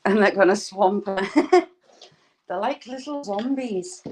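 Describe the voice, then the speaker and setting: A woman's voice: medium pitch, slow pace, a little mellow, low-quality recording. A woman hosting a casual live stream at home, cooing at puppies in a sing-song voice and greeting viewers by name.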